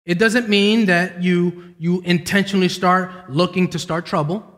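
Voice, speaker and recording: High-voiced young preacher in a hall. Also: male voice, a little slow. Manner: storytelling preacher, voice climbs high when excited. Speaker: pastor. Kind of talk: sermon. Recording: long reverb of a large hall.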